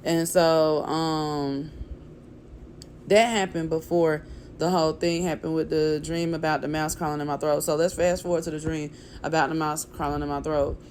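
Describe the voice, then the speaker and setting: Woman with a low voice telling a story. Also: moderate pace, a little hiss or hum. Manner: chatty, animated, acts out what others said; many fillers like "like" and "you know". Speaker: vlogger. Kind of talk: casual personal storytelling.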